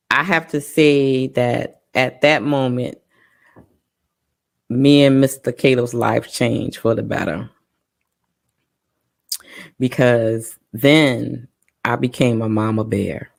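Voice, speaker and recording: A woman co-hosting a parents' talk show, telling a personal story in an emotional, halting way with many pauses and restarts. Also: very deep voice, steady tone, vocal fry. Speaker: parent co-host. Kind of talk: casual personal testimony.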